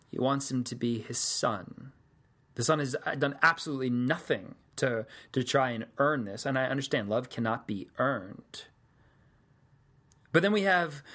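A man's voice: medium pitch, fairly bright tone. A man preaching a sermon, telling the story in a casual, conversational way with joking asides.

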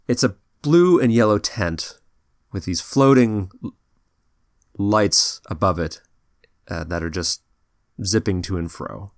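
A man's voice: on the low side, lively intonation, takes it slowly, long pauses, no echo, studio quality. A man narrating a tabletop game as game master, in a loose, rambling way.

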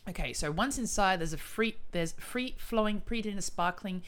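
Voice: mid-range voice, moderate pace, a bit bright, clear, resonant tone. A podcast co-host in casual chat, reading an article aloud, stumbling over words and laughing often. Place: shared room with co-host.

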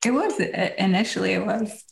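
A woman from the United States co-hosting a podcast in casual chat, thoughtful and quick to laugh. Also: medium pitch, expressive, vocal fry. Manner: laughs easily, thoughtful and reflective. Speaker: podcast co-host. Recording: roomy echo.

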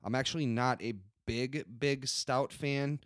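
A man's voice: medium pitch, fairly even intonation, a little slow, a bit bright, no room sound, studio quality. A young man co-hosting a podcast, chatting casually about beer with lots of fillers and restarts. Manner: rambling with many fillers and restarts. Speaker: podcast co-host. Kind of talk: casual beer-tasting chat.

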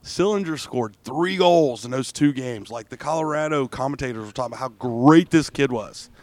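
A man co-hosting a casual podcast, telling a rowdy, profane story and breaking into loud outbursts. He sounds drunk. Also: mid-range voice, moderate pace. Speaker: podcast co-host. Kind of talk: casual chat.

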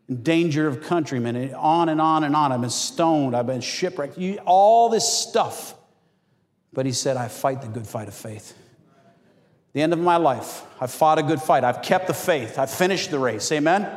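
A man preaching a sermon as pastor, telling stories with animated acted-out quotes. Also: on the high side. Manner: animated storytelling, acts out quotes. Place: church hall. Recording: long hall reverb.

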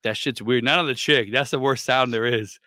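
A man's voice: mid-range voice, moderate pace, bright, forceful tone, no echo, studio quality. A man co-hosting a podcast in casual chat, blunt and opinionated, swearing freely. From Florida. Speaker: podcast co-host.

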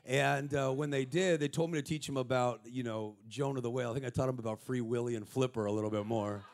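A man giving a lively, humorous motivational sermon in a large church auditorium, telling stories and calling out people in the crowd. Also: medium pitch, quick pace. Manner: energetic, humorous storytelling with crowd shout-outs. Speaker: guest speaker.

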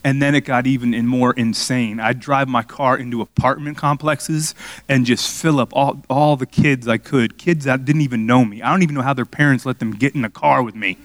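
A man's voice: brisk, no room sound. Storytelling man preaching a sermon. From Miami. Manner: storytelling, conversational with the crowd, rising to excited highs. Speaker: pastor.

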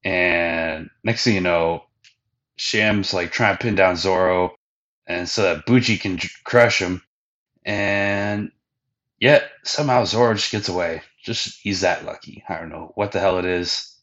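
A man hosts a casual anime recap in a loose, slangy way, full of "like" and offhand swearing. His voice is low and the recording is dull and lo-fi. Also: a little slow, a bit bright. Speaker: podcast host recapping anime.

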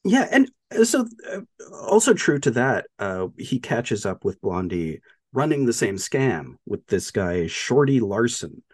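A man's voice: mid-range voice, very animated, a little slow, slightly rough, dry recording, clean studio sound. A man co-hosting a podcast, casually retelling a movie with lots of laughs and filler words. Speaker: podcast co-host.

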